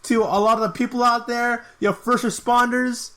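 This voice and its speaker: A man mimicking a brash, hyped-up male fighter who yells his promo with drawn-out "yeah, man" lines. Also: very high voice, flat delivery, pitched above the performer's own voice. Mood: cocky.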